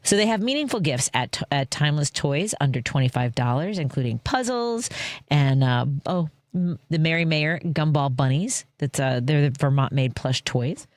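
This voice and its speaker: A woman's voice: deep voice, expressive, no echo. Chatty woman radio host, dry sound. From Chicago area. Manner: chatty, self-deprecating, quick asides. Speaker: radio talk show host. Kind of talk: casual radio chat.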